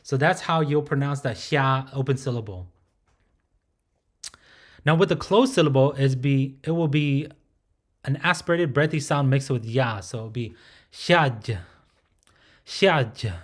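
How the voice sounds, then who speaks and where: A male language teacher gives a pronunciation lesson, patiently repeating each sound and frequently checking in with the learner. His voice is mid-range at normal speed, with frequent pauses.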